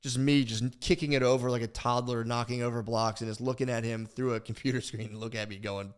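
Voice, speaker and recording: A man's voice: mid-range voice, a little fast, clean tone. Rambling, profane young man telling a story. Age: young adult. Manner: rambling, profane, animated, with restarts and mimicked voices. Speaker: podcast co-host. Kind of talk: casual podcast storytelling.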